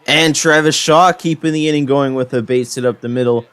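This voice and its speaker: A man's voice: a little high, fairly even intonation, a little fast, a bit bright, smooth, dry recording. A young man giving casual play-by-play commentary on his own video game, frustrated and self-deprecating. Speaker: gaming channel host. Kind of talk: gameplay commentary.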